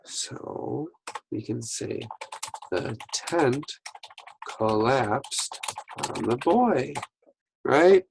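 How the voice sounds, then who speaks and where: A man teaching a phonics lesson to young children, reading words slowly and patiently one at a time. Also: mid-range voice, lively intonation, creaky, background noise.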